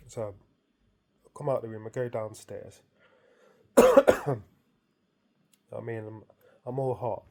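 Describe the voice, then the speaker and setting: A man's voice: mid-range voice, a little slow, pauses often, dark tone. A man casually recounting a dream to his viewers, amused and rambling, with frequent restarts. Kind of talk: casual storytelling.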